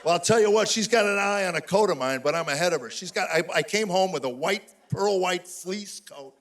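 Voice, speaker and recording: An older man doing a stand-up comedy routine on stage, telling stories in an animated, exasperated way. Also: high voice, brisk, some chatter behind. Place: stage before a live audience.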